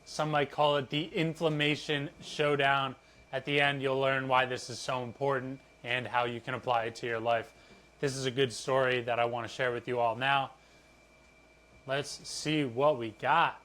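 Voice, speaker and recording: A man's voice: medium pitch, level tone, moderate pace, fairly bright tone. Playful man reading a story aloud. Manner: playful, chatty, laughing at his own reading. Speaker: fitness content creator.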